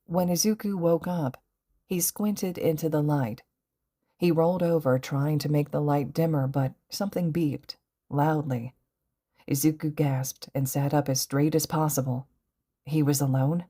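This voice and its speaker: A woman narrating a fan fiction audiobook in a gentle, emotive reading voice. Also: deep voice, steady tone, a little slow. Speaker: podfic reader.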